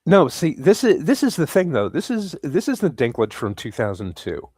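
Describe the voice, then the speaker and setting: A man's voice: fairly high pitch, wildly swooping pitch, moderate pace, darkish tone, husky, no room sound. Blunt man in a dry studio. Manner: blunt, crude, opinionated. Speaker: podcast co-host. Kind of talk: casual film review chat.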